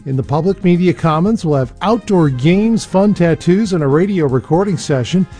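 A man with a fairly high voice reads station announcements and promotions in an upbeat manner. Faint music sits behind him. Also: expressive, moderate pace, warm tone. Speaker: local radio station announcer.

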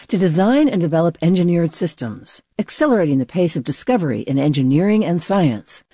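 Announcer reading funding credits, mellow warm voice, lots of pitch movement. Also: slightly rough, no echo, studio quality. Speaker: radio announcer.

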